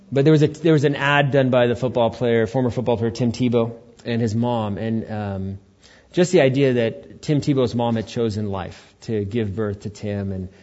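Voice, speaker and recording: A man's voice: mid-range voice, a little mellow. A male pastor giving a conversational sermon to his church, with joking asides to the congregation. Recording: dull lo-fi recording.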